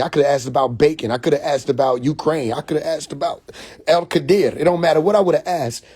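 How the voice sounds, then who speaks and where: A man telling a story on a phone livestream, animated and profane, full of restarts and acted-out quotes. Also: fairly high pitch. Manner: profane, confrontational. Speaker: livestream host. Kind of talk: casual livestream monologue. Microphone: phone mic.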